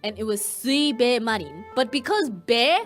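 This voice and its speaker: Excitable high-voiced woman telling a story. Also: unhurried, faint music behind. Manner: excitable, animated storytelling with frequent laughter. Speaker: streamer. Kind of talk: casual chat, recounting a story.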